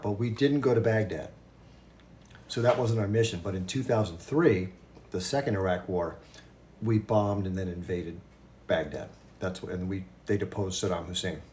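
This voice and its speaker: A man in his fifties hosts a casual livestream chat with viewers, talking fast in a lowish, slightly mellow voice. He hurries through his points, drifts into asides, and restarts himself, with a faint hiss of noise in the background.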